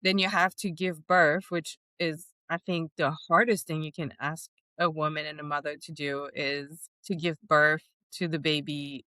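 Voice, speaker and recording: A woman co-hosting a podcast, speaking gently and slowly with a sympathetic manner. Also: sits low, flat delivery, no room sound. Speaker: podcast co-host. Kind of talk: supportive podcast conversation.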